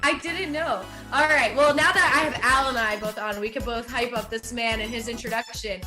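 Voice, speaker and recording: A high, bright young woman from Russia who does not sound Russian, hosting and doing stand-up. She talks in a chatty, self-mocking way and laughs along with her own jokes. Her voice rings clear. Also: moderate pace, soft background music. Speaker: stand-up comedian and host. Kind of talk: stand-up comedy.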